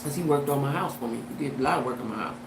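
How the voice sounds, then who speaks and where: A woman hosting a casual commentary vlog, talking to her viewers in an animated way and often asking them "right?". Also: very deep voice, racing. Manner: animated, talks to viewers with "right?" and "you know what I'm saying". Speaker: host. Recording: echoey room with faint background noise.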